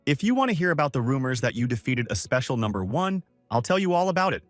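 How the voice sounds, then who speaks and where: A man's voice: medium pitch, sing-song, fast talker, no echo, faint music behind, close to an everyday voice. A man reading the lines of an arrogant, offhand young male student fighter in a storybook recap.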